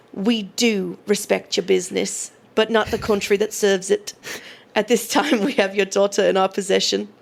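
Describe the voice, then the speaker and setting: Menacing kidnapper, played by a woman, slow deliberate reads, a touch of fry. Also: medium pitch, lightly acted. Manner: slow, deliberate, mock-foreign delivery. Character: menacing kidnapper reading a ransom note.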